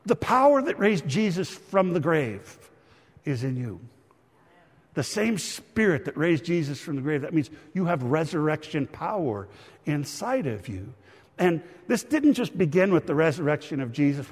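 A man's voice: a little high, sing-song, normal speed, a little mellow, breathy edge. Middle-aged man preaching in an echoing hall. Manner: storytelling, acts out a child's voice in quotes, addresses listeners as friends. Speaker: pastor. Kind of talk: sermon. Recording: reverberant church hall.

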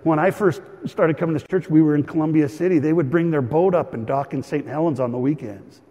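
A middle-aged man delivers a sermon from the pulpit, his voice sitting slightly high for a man. He tells stories warmly through fillers and little chuckles. The sound carries a long reverb, as in a large church sanctuary. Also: a little fast. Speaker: pastor.

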